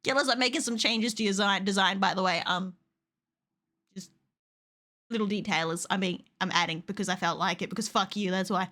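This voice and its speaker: A young adult woman chatting casually on a livestream, excitable, laughing often and swearing freely. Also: mid-range voice, brisk. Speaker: streamer.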